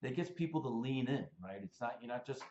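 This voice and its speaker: A man's voice: mid-range voice, lively intonation, a little fast, a little mellow, echoey room, muffled recording. A man reviewing sales copy in a casual, blunt way, talking through it with many fillers and restarts. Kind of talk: casual screen-share critique.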